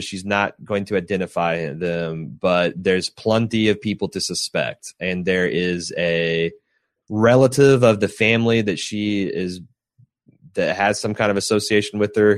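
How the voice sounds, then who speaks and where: A man's voice: fairly low pitch, no room sound, clean studio sound. A man chatting casually about TV shows, rambling with lots of fillers and the odd swear.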